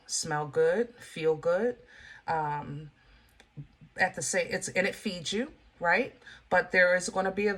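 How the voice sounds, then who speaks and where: A tarot reader from Pennsylvania gives a casual reading in a voice on the low side with some brightness. She's blunt and emphatic, speaking frankly and folksily straight to the viewer.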